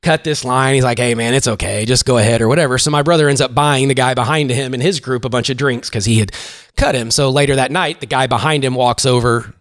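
Animated middle-aged man telling stories. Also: mid-range voice, fast talker, no echo. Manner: animated storyteller, acts out quotes. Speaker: women's basketball coach. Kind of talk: casual podcast chat.

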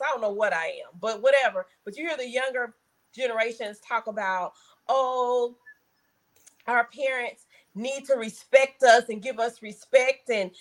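An opinionated middle-aged woman speaks emphatically in casual chat, often breaking into laughter. Her voice sits a bit higher than usual. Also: fairly bright tone.

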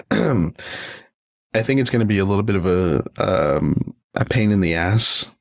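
A man's voice: deep voice, animated, unhurried, gravelly, no room sound, studio quality. A father talking casually about parenting in a rambling, profane way, with many restarts. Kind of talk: casual monologue.

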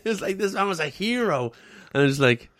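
A man's voice: high voice, lively intonation, a little fast, fairly bright tone. A man co-hosting a casual podcast, reading out historical dates and joking, often swearing. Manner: jokey, swears a lot, acts out silly voices. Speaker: podcast co-host.

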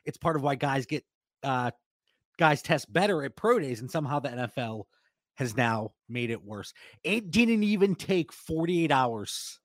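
A man's voice: mid-range voice, animated, measured pace, no room sound, studio quality. A man hosting a sports podcast in casual, chatty talk, with self-deprecating asides. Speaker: podcast host.

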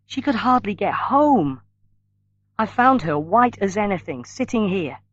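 A man's voice: high voice, very animated, normal speed, dull audio, voice pushed up. A man voicing a young woman who reproaches her brother, tearful and accusing.

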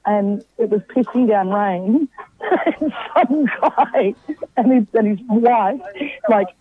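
A woman comedian chatting on a radio show, telling animated anecdotes and laughing often. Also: mid-range voice, slow pace, phone-quality sound. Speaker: comedian guest. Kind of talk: casual radio chat, storytelling.

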